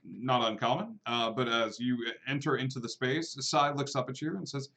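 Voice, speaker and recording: Guy running a tabletop game, chill, lots of uhs, middle pitch. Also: moderate pace, pushed and bright. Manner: casual with many fillers, voices NPCs lightly. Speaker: game master.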